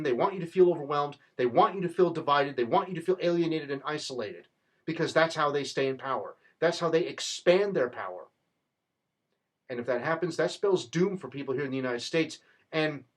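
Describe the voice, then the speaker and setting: A man delivering an impassioned, rallying political monologue in a fervent, rhetorical manner. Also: fairly high pitch. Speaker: political commentator.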